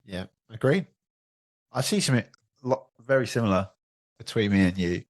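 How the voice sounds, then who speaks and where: A man hosts a podcast with a fairly low voice. He speaks earnestly about himself, often trailing off mid-thought and then starting again. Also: moderate pace. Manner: earnest, self-reflective, trails off and restarts. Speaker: podcast host. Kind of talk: casual interview chat.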